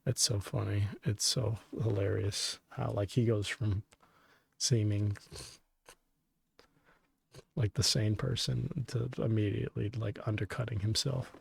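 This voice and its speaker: A man's voice: lowish voice, steady tone, unhurried, gravelly, pauses often, slightly rough, no echo. Rambling, sarcastic male podcast co-host. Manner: rambling, sarcastic, laughs often. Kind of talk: casual chat.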